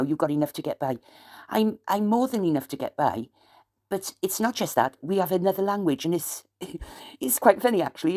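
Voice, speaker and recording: Woman, South Welsh accent, deep-pitched, chatty, meandering vlogger. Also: dark tone. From South Wales. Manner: chatty, wandering, aggrieved asides. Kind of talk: rambling late-night chat to camera.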